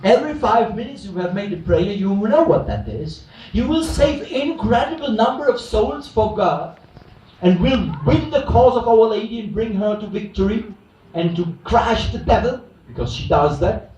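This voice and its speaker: A man's voice: high voice, expressive, normal speed, darkish tone, muffled recording, a little hiss or hum. A man, a priest, preaching an earnest retreat sermon full of rhetorical questions and restarts. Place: chapel. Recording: echoey chapel from a distance.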